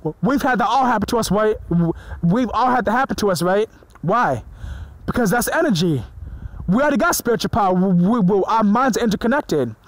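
A man preaching to his viewers in an excited, informal way, often stumbling over his words and swearing freely. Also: high voice, a little fast, no echo, low-quality recording. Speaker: religious video preacher. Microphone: phone or screen recorder mic.

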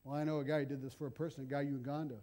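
A middle-aged man preaching a sermon, telling stories in an animated, conversational way. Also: a little high, rapid-fire.

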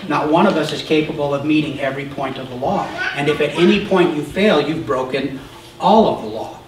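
A male pastor preaching a sermon, explaining scripture in a conversational way with frequent "okay?" checks and occasional shouted emphasis. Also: on the high side, a little fast, background noise. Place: church sanctuary. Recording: roomy, distant church recording.

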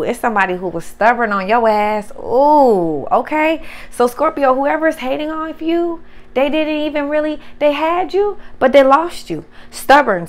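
A woman doing a casual tarot reading, profane and animated, talking straight to her viewers. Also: high voice. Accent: Southern US. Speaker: tarot reader.

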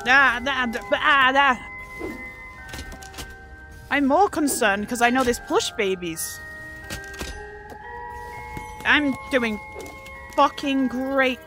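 A woman's voice: on the high side, slow, long pauses, pushed and bright. A woman commentating her own gameplay casually, swearing and getting flustered as she plays. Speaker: gaming channel host. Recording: game music behind voice. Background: game music.

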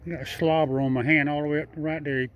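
In a muffled recording, a man with a slightly high voice speaks fast with flat delivery. He's a vlogger coaxing a wild raccoon at night outside, giving a chatty, repetitive running commentary with laughter and nonstandard speech.

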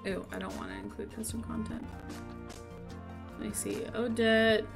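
A woman's voice: on the high side, steady tone, normal speed, gravelly, music in the background. A young woman casually narrating a life-sim game, telling the story with playful quoted asides. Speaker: gameplay narrator.

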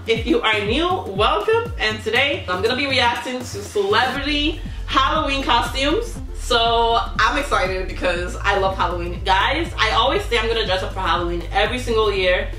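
A young woman with a bright, sharp voice chats through a casual reaction vlog, laughing easily and reacting with excitement. She sits a little back from the mic in an echoey room with a faint hum of ambience. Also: a little high, recorded from a distance. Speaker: YouTuber reviewing celebrity costumes.

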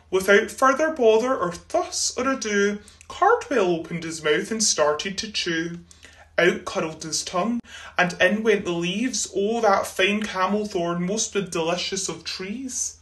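Expressive woman reading a rhyming storybook. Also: mid-range voice, unhurried. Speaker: school reader. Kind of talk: storybook read-aloud.

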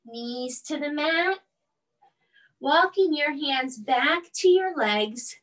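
Slow, soothing high-voiced woman yoga teacher. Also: animated, a bit bright, far from the mic, low-quality recording. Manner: soothing, slow and coaxing, with playful animal sounds. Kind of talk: gentle bedtime yoga instruction.

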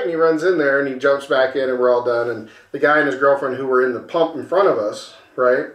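Talking fast and barely pausing, a man with a mid-range voice spins a wild road-trip tale on the casual podcast he co-hosts, in an echoey room. He voices the characters himself, curses freely, and keeps it loose, like storytelling over a beer.

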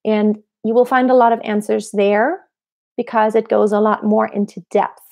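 A woman vocal coach answering viewer questions in a relaxed, explanatory way, breaking into short sung examples. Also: mid-range voice, moderate pace, creaky. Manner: explanatory, demonstrates with sung snippets.

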